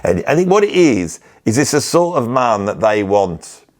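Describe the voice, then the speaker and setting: A man's voice: medium pitch, sing-song, moderate pace. A British man hosting a comic monologue, ranting about musicians in a sarcastic, opinionated, grumbling way. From Britain. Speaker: musician and video host.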